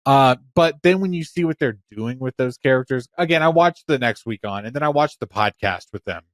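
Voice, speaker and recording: A man co-hosting a casual podcast, talking in an animated and enthusiastic way, now and then swearing. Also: medium pitch, a little fast, dry recording, clean studio sound. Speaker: podcast co-host. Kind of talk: casual chat.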